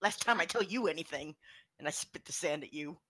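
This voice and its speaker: A woman playing a tabletop game, joking in a goofy, deadpan way. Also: deep voice, a little fast, husky, poor audio. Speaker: player.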